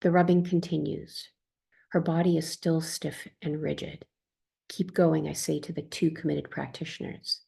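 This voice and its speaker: A woman calmly reading her own first-person account as a therapist, in a soft, tender manner. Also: sits low, normal speed, vocal fry, breathy edge.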